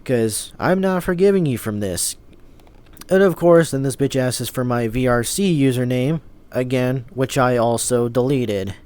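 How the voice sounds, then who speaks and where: Man, casual storytime vlog, mid pitch, frustrated, swears a lot, rambling. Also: a little slow, darkish tone, smooth. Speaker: vlogger.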